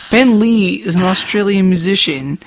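A man with a gravelly, creaky voice banters on a podcast, dropping swear words and rattling off quick anecdotes. The sound is dry and close, with no room echo. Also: high-pitched. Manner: joking, swears casually, tells quick anecdotes. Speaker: podcast co-host. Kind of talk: casual podcast chat.

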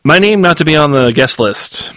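A man's voice: fairly high pitch, animated, moderate pace, pushed and bright, no room sound, voice pushed up. A man reading aloud and voicing a nervous, rambling talking male dog in a storybook. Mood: puzzled. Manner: hesitant and rambling.

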